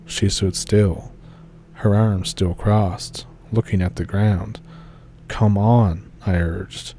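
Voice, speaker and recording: Guy reading a creepy story, low dark voice, pretty monotone, steady and calm. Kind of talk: scripted horror story narration.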